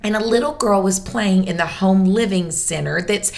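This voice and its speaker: A middle-aged woman, a church kids minister hosting a parenting podcast in a slow, deliberate, encouraging way. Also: mid-range voice, creaky, darkish tone.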